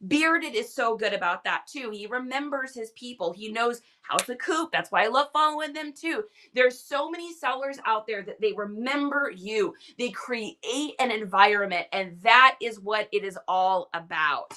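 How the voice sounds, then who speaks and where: A woman's voice: a little high, normal speed, hardly any pauses, bright, forceful tone, slight background noise. A middle-aged woman hosting a live reselling stream, chatting casually with lots of energy and enthusiastic tangents. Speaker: livestream reseller host. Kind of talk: casual livestream chat.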